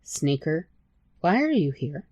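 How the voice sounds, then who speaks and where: Woman voicing a soft-spoken, guarded man. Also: very animated, slow, no echo, heavily acted. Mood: hushed. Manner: soft, low murmur.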